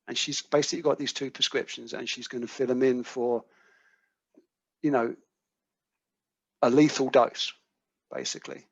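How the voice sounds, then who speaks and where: A man's voice: mid-range voice, a bit bright, dry recording. British man, speaker at a recovery workshop, vivid storyteller, dry and muffled call audio. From United Kingdom. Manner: vivid storyteller who acts out quoted dialogue, swears casually. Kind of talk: personal storytelling talk. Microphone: video call microphone.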